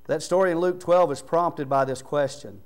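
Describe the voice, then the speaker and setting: A man preaching a sermon in a church, his voice sitting a little high for a man. He talks like he is chatting with the congregation, dropping to soft murmurs and then rising loud for emphasis. A faint electrical hum runs underneath. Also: moderate pace, smooth. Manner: conversational preaching, swings from low murmurs to loud raised emphasis. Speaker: pastor. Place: church sanctuary.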